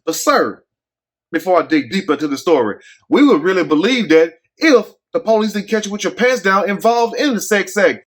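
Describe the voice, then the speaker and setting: A man's voice: high-pitched, a bit bright. A man hosting a casual commentary show, telling a story bluntly with jokes and rhetorical questions to his audience.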